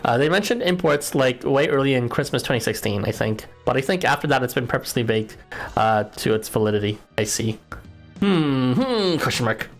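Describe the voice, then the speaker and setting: A man's voice: medium pitch, animated, brisk, soft background music. Joking man streaming a game. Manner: joking, rambling asides, laughs often. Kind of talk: casual playthrough commentary and reading game lines aloud.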